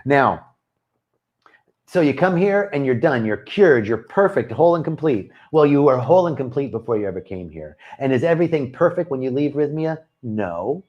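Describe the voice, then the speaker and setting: A retreat leader and spiritual teacher gives a talk to a live online audience, earnest and prone to repetitive, chant-like phrasing. His mid-range voice is expressive and moves at normal speed, and the sound is lo-fi.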